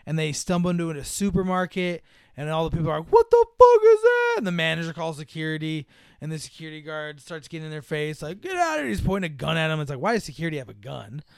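A man's voice: fairly high pitch, steady tone, quick pace, gravelly, clear, resonant tone, dry recording, studio quality. A man in casual chat, rambling and profane as he mocks a movie's plot. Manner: rambling, profane, mocking, acts out characters in voices.

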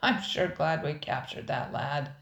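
An older woman voicing a gruff, bossy male pirate in a storybook reading. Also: sits low, measured pace, a bit bright, reverberant.

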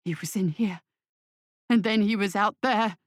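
A woman's voice: mid-range voice, no echo, clean studio sound, lightly acted. A woman voicing a shaken young male thief who stammers and halts as he speaks, in a storybook reading. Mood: frightened. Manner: stammering, halting.

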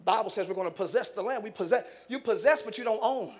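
A male pastor with a high-sitting voice preaches a sermon in church, swinging from loud shouted lines to quick, casual asides.

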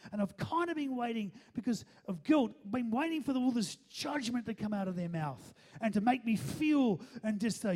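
A pastor preaches with a medium-pitched, darkish, expressive voice at a moderate pace, barely pausing. He stresses each point emphatically and keeps asking listeners whether they're following.

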